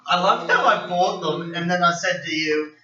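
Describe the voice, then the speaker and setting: A man's voice: high-pitched, moderate pace, bright, forceful tone. A man with an Australian accent in a casual podcast chat, joking and laughing. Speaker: podcast co-host. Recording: roomy, distant, dull lo-fi recording.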